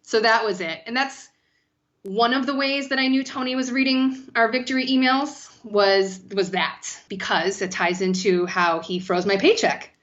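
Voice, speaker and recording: A woman guest telling animated, profane stories in a casual podcast chat, peppering her talk with "like.". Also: on the high side, moderate pace, dull audio. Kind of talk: casual storytelling.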